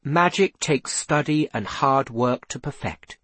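A man reading aloud, voicing a composed, thoughtful woman investigator in an earnest, measured way. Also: medium pitch, a bit bright, no room sound.

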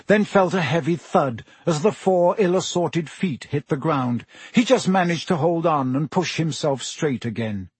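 Husky man reading an audiobook. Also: a little high, no echo. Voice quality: expressive storytelling delivery. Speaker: audiobook narrator.

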